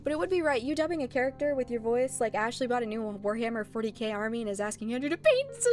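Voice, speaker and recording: A woman streamer chatting casually with her viewers, animated and blunt, laughing often. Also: a little high, racing, hardly any pauses, faint music behind.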